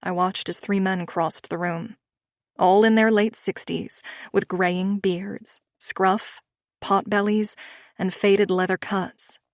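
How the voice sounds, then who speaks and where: A woman's voice: medium pitch, steady tone, takes it slowly, dry recording, clean studio sound. Woman reading a romance audiobook. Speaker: audiobook narrator. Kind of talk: scripted first-person narration.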